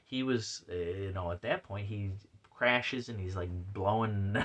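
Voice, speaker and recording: This podcast host reviews comics alone in a loose, chatty way, rambling with plenty of fillers and false starts. His voice sits lowish and a bit bright, his pace measured, and he puts on playful voices when reading messages aloud.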